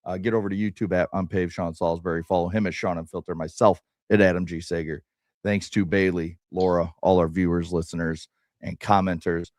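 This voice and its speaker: Brief: low-voiced male co-host, relaxed casual delivery, dry recording. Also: fairly quick, no echo. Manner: relaxed, easygoing, short replies. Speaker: sports talk co-host. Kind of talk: casual sports talk chat.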